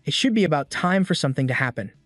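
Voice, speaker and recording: A man's voice: fairly high pitch, expressive, fast, a bit bright, no room sound, faint music behind. A man reading a smug young hero. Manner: smug, offhand. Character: cocky young male hero, calm and smug.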